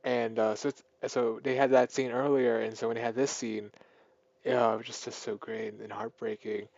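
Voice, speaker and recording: A man in a mid-range voice recaps a movie in a loose, excited ramble, stumbling over fillers and restarting his sentences. The sound is dry and a little muffled, like a simple home setup with no room echo. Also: medium pitch, moderate pace, vocal fry. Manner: rambling, filler-heavy, excited plot retelling. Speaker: movie reviewer. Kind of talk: casual spoken film review.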